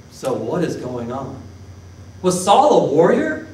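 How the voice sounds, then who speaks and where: A man preaching as pastor, lively, questioning his congregation and acting out Bible figures. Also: a little high, slow pace, a little hiss or hum. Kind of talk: sermon. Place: church sanctuary. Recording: echoey church hall from a distance.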